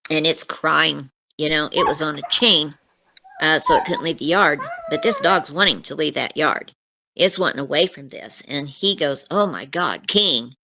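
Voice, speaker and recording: A woman's voice: low-pitched, pushed and bright. A middle-aged woman, an interview guest, earnestly recounting a frightening personal encounter, with many asides. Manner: earnest, emotional storytelling with many "you know" asides.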